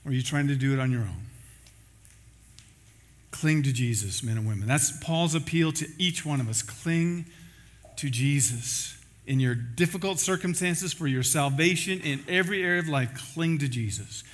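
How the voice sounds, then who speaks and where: Forceful male pastor preaching. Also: fairly high pitch, animated, a little fast, hardly any pauses. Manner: storytelling, acting out quoted voices; ends in a spoken prayer. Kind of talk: sermon.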